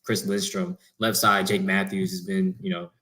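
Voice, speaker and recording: A laid-back man with a somewhat low voice, co-hosting a podcast. His talk is loose and full of fillers, and he is quick to agree. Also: level tone, pushed and bright. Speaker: podcast co-host. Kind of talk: casual sports chat.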